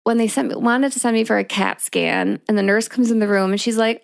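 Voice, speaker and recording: Gravelly-voiced woman sharing candidly. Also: fairly high pitch, fairly even intonation, dry recording, clean studio sound. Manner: open, emotional, quick bursts of speech. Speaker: podcast co-host. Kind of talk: candid casual chat.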